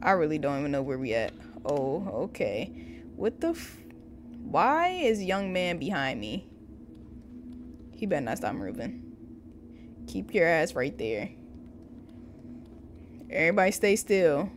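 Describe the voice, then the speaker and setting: A woman's voice: low voice, very animated, a little slow, pauses often, background noise. A woman hosting a gaming channel, chatting to viewers and yelping when startled, her voice slightly worn. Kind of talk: casual horror game commentary. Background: game music.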